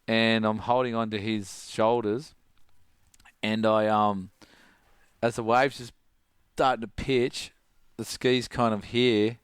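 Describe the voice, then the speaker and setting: A middle-aged Australian man, a surf coach, telling a story in casual chat, animated and laughing, full of "like". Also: on the low side, takes it slowly, clean tone, no room sound, studio quality. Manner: animated, laughing, heavy use of "like".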